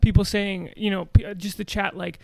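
A man's voice: high voice, little pitch movement, brisk, gravelly, a little mellow, dry recording. A man co-hosting a podcast in casual, joking chat, swearing freely. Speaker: podcast co-host.

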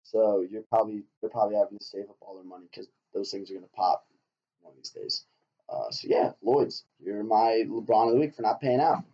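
A man's voice: lowish voice, fairly quick. A man co-hosting a podcast in casual chat, profane and ranting, laughing often. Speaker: podcast co-host. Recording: dull lo-fi sound.

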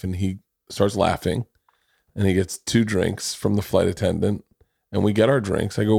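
A man's voice: sits low, steady tone, normal speed, vocal fry, mellow, breathy edge, dry recording, studio quality. A man hosting a podcast in casual chat, telling self-deprecating stories with frequent restarts and swearing. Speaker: podcast host.

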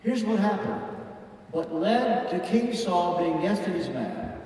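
A man's voice: sits high, lively intonation, unhurried, darkish tone. An older man preaching a sermon as a pastor, earnest and emphatic, acting out the voices he quotes. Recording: echoey hall, from far off.

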